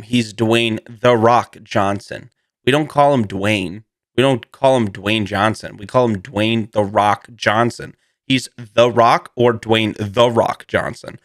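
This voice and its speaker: A man's voice: mid-range voice, a bit bright, dry recording, clean studio sound. A man hosting a casual comedy monologue, rambling and playful and laughing often between his bits. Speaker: host.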